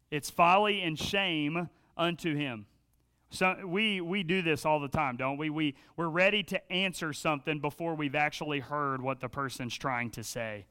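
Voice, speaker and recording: A pastor delivers a sermon in a high, bright, clean-toned male voice. He preaches earnestly and with emphasis, stumbling over restarts and firing questions at his congregation. Every word rings out crisp and smooth. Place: church.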